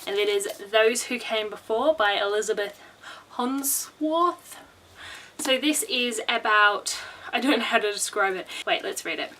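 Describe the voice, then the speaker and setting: A chatty woman gushes casually about her reading list. Her voice sits a little high and sounds bright and sharp. She talks in quick bursts with restarts and small laughs. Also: rough recording. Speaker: book vlogger. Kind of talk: casual book chat.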